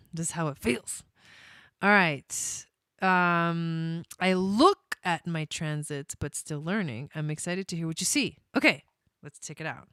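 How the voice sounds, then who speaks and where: A young woman talks casually on a live stream in a smooth, somewhat low voice. She's bubbly and chatty, laughing often and wandering off on tangents. The sound is dry and close, with no room around it. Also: no room sound. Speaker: astrologer doing live readings.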